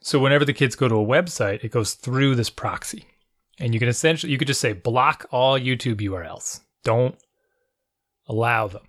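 Man, podcast co-host, laid-back, advice-giving, mid pitch, dry close mic. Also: normal speed, fairly bright tone, dry recording. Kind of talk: casual chat.

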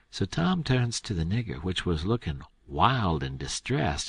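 A man's voice: sits low, big pitch swings, measured pace, few pauses, slightly rough, dry recording. A man reading an audiobook aloud in first person, with an easygoing, folksy storytelling drawl. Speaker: audiobook narrator.

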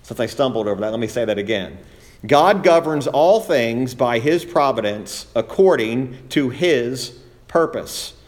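A man preaching a sermon in a church, teaching earnestly and repeating phrases for emphasis. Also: mid-range voice.

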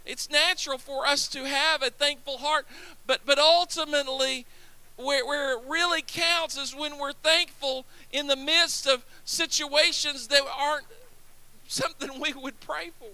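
High, bright-voiced man preaching. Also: fairly even intonation, unhurried, dry recording. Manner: call-and-response preaching, repeats phrases, stammers. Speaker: pastor. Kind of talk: sermon.

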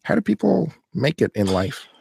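A man rants and teases his co-host in casual chat, with strong opinions. His voice is somewhat husky and the recording is dry. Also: fairly high pitch, sing-song, normal speed, a little mellow, dry recording. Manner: ranting, teasing and opinionated.

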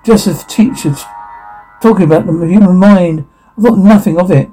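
A man's voice: sits high, moderate pace, dark tone, husky, soft background music, poor audio. A man voicing a shy, lonely woman teacher who is smitten with a colleague, reading a radio play aloud in an earnest, wistful way.

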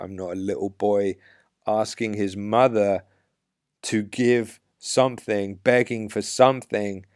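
A man with a low, gravelly voice delivers blunt dating advice at an unhurried pace. He speaks assertively and with emphasis, like a coach. The sound is dry and close, with no room echo. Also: darkish tone. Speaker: dating coach podcast host. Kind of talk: podcast monologue giving dating advice.

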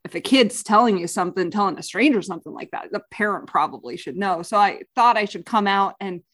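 A woman's voice: mid-range voice, fast talker, fairly bright tone, close to an everyday voice. A woman voicing a bold halfling adventurer who speaks politely and rambles a little. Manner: polite, chatty, a bit rambling.

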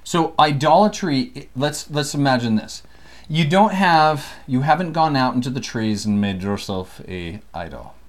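Animated man teaching scripture casually. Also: medium pitch, measured pace. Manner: animated, playful, laughs often. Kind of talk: casual scripture study chat.

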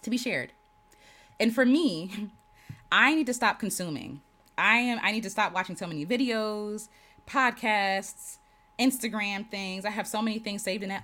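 A woman livestreaming casual talk to viewers as a creative coach, affirming and animated, repeating key phrases and laughing often. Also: mid-range voice, normal speed.

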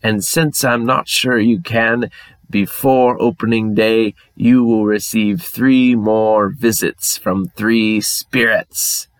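A man's voice: lowish voice, fairly even intonation, slow pace, no echo. Man doing a scolding English ghost. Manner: lecturing, scolding. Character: stern old male ghost of a baseball owner.

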